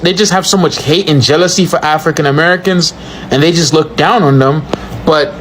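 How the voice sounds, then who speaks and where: A man's voice: on the high side, a little hiss or hum. A man doing casual reaction commentary on clips, blunt and ranting, full of slang.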